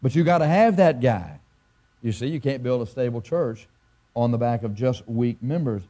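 A pastor delivers a sermon in a medium-pitched, animated, mellow voice. He tells a story and drives his point home through emphatic repetition and halting restarts.

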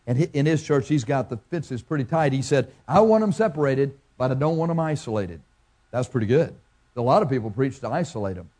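Pastor, male, preaching. Folksy, asks the room questions, mellow tone. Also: a little high. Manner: farm analogies. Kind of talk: sermon.

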